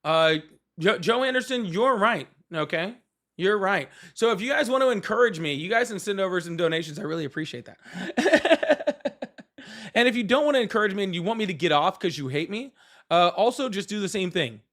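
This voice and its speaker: A man's voice: high-pitched, animated, a little fast, fairly bright tone. A man hosting a live political call-in stream, talking in a sarcastic, teasing way.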